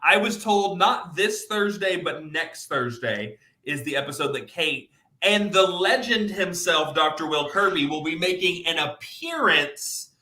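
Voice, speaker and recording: A man's voice: fairly high pitch, lively intonation, measured pace, sharp tone. A man co-hosting a casual reality-TV recap podcast, talking emphatically and teasing. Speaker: podcast co-host. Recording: echoey room.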